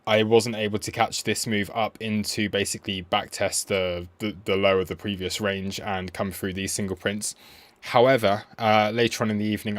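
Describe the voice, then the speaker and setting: A man streaming live as a crypto trader, walking through price charts in a relaxed, rambling way with frequent ums and restarts. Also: lowish voice, dry recording. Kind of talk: casual livestream chart commentary.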